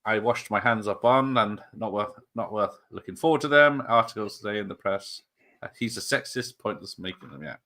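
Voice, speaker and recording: Bright-voiced man joking about films. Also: on the low side, expressive, fairly quick. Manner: joking, rambling, laughs often. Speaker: watch party host. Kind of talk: casual chat over a film.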